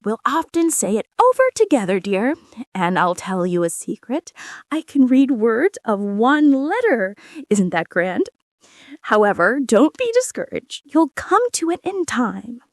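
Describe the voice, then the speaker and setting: A woman's voice: on the high side, very animated, unhurried, no room sound, clean studio sound. A woman voicing an anxious, muddled queen who rambles nervously. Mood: fretful.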